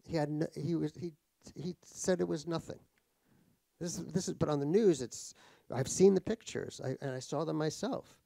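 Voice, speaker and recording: An American author, a guest on a cultural center stage, tells anecdotes with wry, profane, self-mocking humor. His voice is on the high side, gravelly and warm, at normal speed. There's no room sound.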